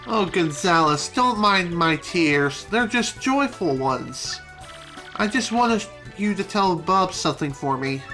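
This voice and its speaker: A woman's voice: fairly low pitch, animated, slow pace, faint music behind. A woman playing a genteel mother bomb. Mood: tender. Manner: genteel, gently tearful. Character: tender, proper mother bomb creature.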